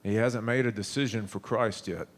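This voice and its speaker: A man's voice: on the low side, fairly even intonation, normal speed. A man in his thirties preaching a sermon, telling stories in a conversational way with frequent restarts.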